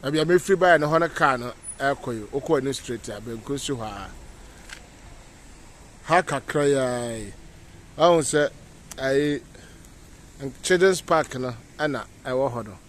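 A man's voice: medium pitch, animated, normal speed, slight background noise. A Ghanaian man giving a casual outdoor walking tour as a vlogger, pointing things out as he walks. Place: outdoors on city streets.

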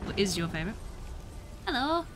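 A woman's voice: medium pitch, very animated, brisk. A British woman streaming a video game, chatting playfully with viewers and cheering herself on through fights. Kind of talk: casual gameplay commentary.

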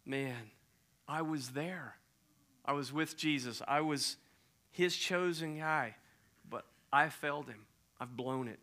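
A man voicing a remorseful disciple who answers quietly and ashamedly, weighed down by guilt. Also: on the high side, slow. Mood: regretful.

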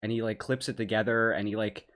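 A man hosting a live reaction show, commenting excitably and laughing along with a stream. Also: fairly low pitch, fast.

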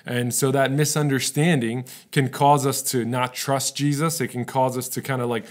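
A male pastor preaches in an easygoing, conversational way, speaking at a mid-range pitch. He keeps checking in with his listeners and stays relatable rather than lofty, like a friend talking through scripture. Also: level tone, normal speed. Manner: casual, relatable, often checks in with "right?". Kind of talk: conversational sermon.

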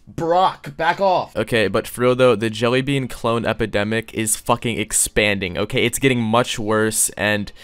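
A young man doing comedic reaction commentary, crude and loud, breaking into mock outrage and sudden yelps. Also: on the low side, clear, resonant tone, dry recording. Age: young adult. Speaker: YouTube commentator.

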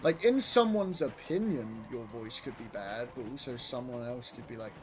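A loud, excitable young British man who swears casually while commenting on his own speedrun. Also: medium pitch, moderate pace, noisy background. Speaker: speedrunner streaming a racing game. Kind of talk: casual live commentary over gameplay. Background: game music and engine sounds.

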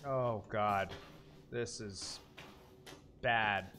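A man's voice: lowish voice, steady tone, very slow, pushed and bright. A man in his thirties streaming a horror game, reacting aloud, swearing and talking to his chat. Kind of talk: live gameplay commentary.

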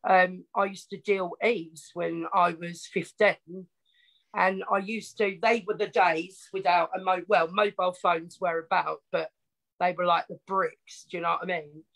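Essex woman guest, lowish pitch, chatty, laughs a lot, frank storyteller. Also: steady tone, a little slow, a bit bright, rough recording. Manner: chatty, laughs often, frank and self-mocking. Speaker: podcast guest. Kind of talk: casual storytelling interview.

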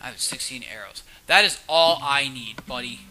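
A man playing a video game and commenting, excitable, often shrieking and yelling at monsters. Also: medium pitch, normal speed, faint music behind. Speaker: let's player. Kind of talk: casual gaming commentary.

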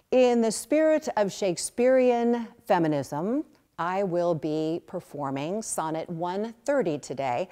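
Woman, performer introducing a sonnet, somewhat low voice, slow and measured. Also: a little mellow. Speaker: performer introducing her piece. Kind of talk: museum program introduction.

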